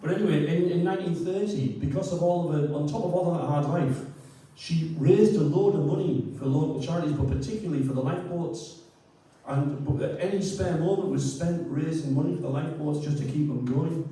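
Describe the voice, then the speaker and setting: Chatty, hesitant male storyteller, mellow tone, recorded far from the mic in a reverberant room. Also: a little high, fairly quick. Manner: chatty, hesitant, self-deprecating, chuckles often. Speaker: poet and storyteller introducing a tune. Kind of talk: rambling spoken introduction.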